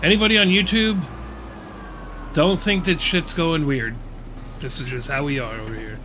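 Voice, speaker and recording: A man's voice: fairly high pitch, fairly even intonation, normal speed, sharp tone, a little hiss or hum. A middle-aged American man hosting a livestream, ranting and swearing at his chat in casual, laughing banter. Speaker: livestream host.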